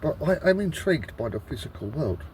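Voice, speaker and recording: A man's voice: fairly high pitch, sing-song, fairly quick, a little mellow, slight background noise. A man vlogging outdoors in a wood, rambling in an exasperated way, swearing a lot and restarting his sentences. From Britain. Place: woodland outdoors.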